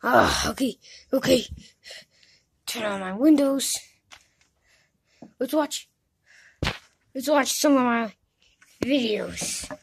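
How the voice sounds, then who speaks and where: A woman voicing a comedic fan animation, jumping between mumbled asides and shouted outbursts. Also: on the high side, big pitch swings, slow pace, gravelly, pauses often, slightly rough, no room sound. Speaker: narrator and voice actor of a fan animation.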